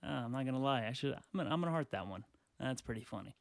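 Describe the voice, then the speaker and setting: A man hosting a casual solo podcast, rambling crudely through online comments, laughing often and clearing his throat. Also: mid-range voice, lively intonation, racing, no room sound, clean studio sound. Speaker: podcast host. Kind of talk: casual solo podcast reading tweets aloud.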